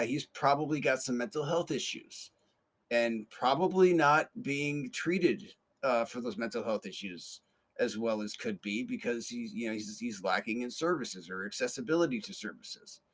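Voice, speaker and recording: A man's voice: medium pitch, a little slow, a bit bright. A man hosting a podcast, telling a story in a rambling, casual way with many fillers, restarts and curses. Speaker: podcast host.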